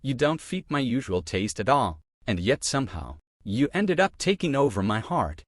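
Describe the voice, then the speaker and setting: A man's voice: medium pitch, sing-song, normal speed, no room sound, clean studio sound. A man voicing a playful young woman's ghost, teasing and chatty.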